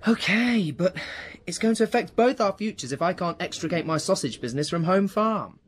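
A man's voice: sits high, expressive, a little fast. An actor playing a cheerful young man in a radio drama who runs a sausage business. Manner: breezy, defensive. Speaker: sausage maker.

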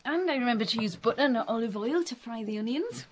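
Actress playing an apologetic farming mum. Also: female voice, on the high side, expressive, quick pace, slight background noise, natural voice. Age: middle-aged. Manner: eager, apologetic. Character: warm, flustered farming mother. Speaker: farmer's wife and mother.

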